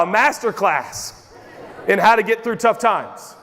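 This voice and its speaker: A male pastor preaching a sermon to a congregation, lively and quick to act out voices for comedic emphasis. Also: high-pitched, a faint crowd. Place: large church auditorium with a congregation. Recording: long reverb of a large church hall.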